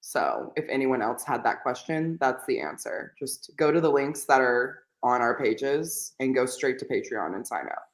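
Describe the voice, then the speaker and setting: A woman with an extremely low, animated voice talks at normal speed. She co-hosts a casual reading livestream as a podcast co-host, rambling and chatting while mimicking people in put-on voices; the sound comes via a laggy video call in an echoey room.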